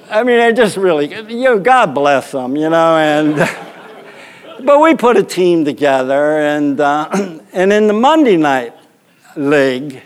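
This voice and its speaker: A male pastor telling a rambling, funny anecdote in a sermon, often laughing. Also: on the high side. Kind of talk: storytelling sermon.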